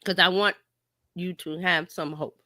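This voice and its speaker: A woman hosting a casual livestream chat as a marketing coach, talking in an animated way and slipping into playful quoted voices. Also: on the low side, unhurried, no echo, studio quality. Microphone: home streaming mic.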